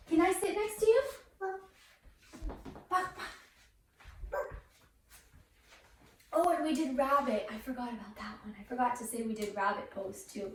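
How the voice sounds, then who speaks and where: A woman's voice: high-pitched, slight background noise. A young woman leads a yoga class with a toddler at home, coaxing the child in a sing-song voice. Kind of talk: playful class led with a toddler. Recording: roomy echo, voice from far off the mic.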